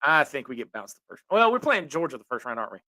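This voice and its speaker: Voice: medium pitch, big pitch swings, quick pace, sharp tone, no echo. A sports talk show host giving blunt opinions, tripping over restarts when worked up.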